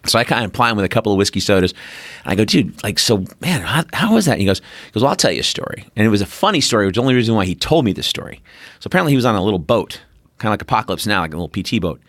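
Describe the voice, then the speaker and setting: A middle-aged man in casual podcast chat, his pitch swinging widely as he tells stories. He slips into voices for the people he quotes and swears freely. The sound is dry and close. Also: a bit bright, no room sound. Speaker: podcast host.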